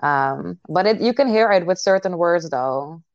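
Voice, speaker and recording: A woman's voice: lowish voice, expressive, measured pace, no room sound, highs cut off. A young woman from the Netherlands with a Dutch accent, a chatty podcast guest who laughs lightly. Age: young adult. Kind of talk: casual interview chat.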